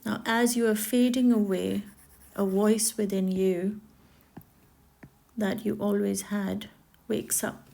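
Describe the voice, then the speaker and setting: A woman talking reflectively and gently as she draws, sometimes dropping to a soft whisper. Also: medium pitch, level tone, slow, creaky, pauses often. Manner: gentle, reflective, slips into soft whispers and quoted nagging voices. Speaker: art healer and spiritual speaker. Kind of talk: reflective spoken monologue while drawing.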